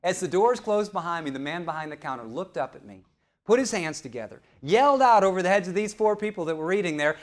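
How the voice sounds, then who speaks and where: Lively middle-aged storyteller man. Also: high-pitched, fast. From St. Louis, USA. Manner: animated, playful, quizzes the audience. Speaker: professional speaker. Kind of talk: storytelling keynote speech.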